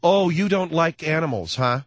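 A man's voice: fairly high pitch, expressive, moderate pace, no echo, voice pushed up, lightly acted. A man imitating a fussy, flustered middle-aged woman who apologizes and frets.

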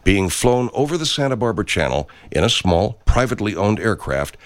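Brief: man, low voice, very animated and self-important promo read, dry close sound. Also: brisk, no room sound. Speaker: self-help radio personality recording promos. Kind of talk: improvised comedy sketch.

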